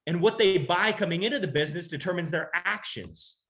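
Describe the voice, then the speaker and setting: A man with a notably high voice delivers a motivational sales talk to a crowd. He fires off rhetorical questions, repeats his key lines for emphasis and pulls the audience into call-and-response. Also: a little fast, fairly bright tone. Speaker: sales trainer.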